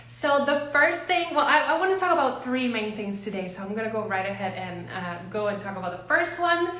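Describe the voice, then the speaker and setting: A woman's voice: on the high side, very animated, fairly quick, sharp tone, roomy sound, slight background noise. A woman hosting a casual livestream from home, chatting and greeting viewers one by one in a bubbly way. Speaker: livestream host. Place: home, neighbors gardening outside.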